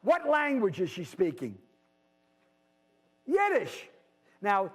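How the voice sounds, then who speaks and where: A man teaches a literature class in a conversational, explanatory way, reading passages aloud and wandering into asides. His voice sits high. A long reverb from the lecture hall carries after his words. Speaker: literature instructor.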